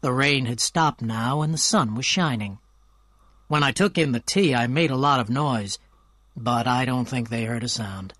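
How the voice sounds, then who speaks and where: A man's voice: medium pitch, normal speed, a bit bright, no room sound. Man narrating a storybook, dry sound. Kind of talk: scripted storybook narration for learners.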